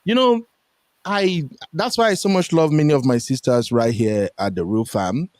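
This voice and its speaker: A young Nigerian man hosting a casual online talk show, animated and full of pitch jumps as he quotes people. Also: moderate pace, no room sound, studio quality. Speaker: host. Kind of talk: casual chat. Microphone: streaming headset mic.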